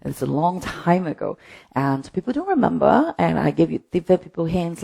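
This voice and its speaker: Female dance instructor, low mellow voice with a gravelly edge, chatty, counts steps out loud. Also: very animated, moderate pace. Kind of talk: live-streamed dance class. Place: home.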